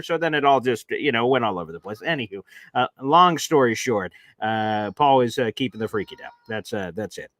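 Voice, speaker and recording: A man hosting a live sports podcast, chatting casually with jokes and shout-outs to viewers. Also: medium pitch, moderate pace, few pauses, no echo. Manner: animated, joking, reads out member names. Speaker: host.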